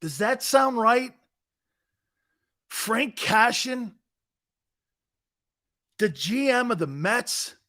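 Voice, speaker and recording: A middle-aged man hosting a sports talk show in casual chat, animated and loud at times, rambling and calling out to his crew. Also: extremely high pitch, extremely slow, pauses often. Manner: animated, loud bursts, calls out to studio crew; rambling, repeats words and restarts.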